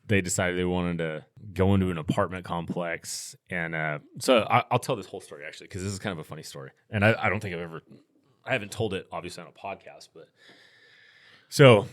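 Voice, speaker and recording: A middle-aged American man, a podcast guest, telling a long anecdote in a relaxed, rambling way. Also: low-pitched, no echo, clean studio sound. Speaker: podcast guest, firearms instructor. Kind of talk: casual storytelling in interview.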